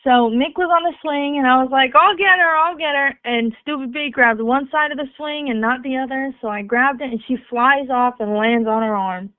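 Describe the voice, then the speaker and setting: A young woman co-hosting a casual family podcast, telling a story with lively energy and some swearing. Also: sits high, normal speed, few pauses, dry recording. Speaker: podcast co-host. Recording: tinny phone-like sound, dry.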